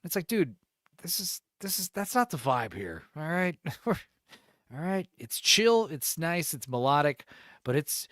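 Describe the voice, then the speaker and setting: A man's voice: fairly high pitch, sing-song, measured pace, fairly bright tone, no echo, studio quality. A man co-hosting a podcast in casual chat, rambling and cursing as he acts out quotes in different voices. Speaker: podcast co-host.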